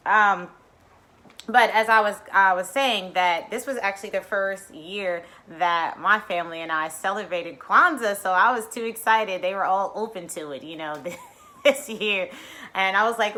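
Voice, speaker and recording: A woman hosting a casual mindfulness livestream, bubbly and excitable, talking straight to her viewers. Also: medium pitch, moderate pace.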